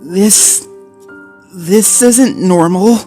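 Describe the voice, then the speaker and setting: A man voicing an anxious young female husky dog who shivers and worries as she talks, in a storybook reading. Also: fairly high pitch, animated, moderate pace, dark tone, faint music behind, voice pushed up, lightly acted. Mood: shivering.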